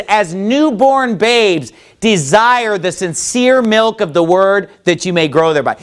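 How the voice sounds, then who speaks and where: This pastor's voice sits high as he preaches with animation. His sermon is packed with rhetorical questions, and the scripture he reads uses old-fashioned wording.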